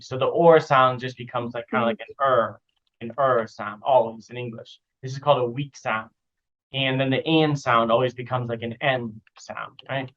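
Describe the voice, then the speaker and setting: A man giving casual spoken feedback as an IELTS speaking teacher, relaxed and repeating example phrases to model how they sound. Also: mid-range voice, normal speed, lo-fi sound. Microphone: online video call.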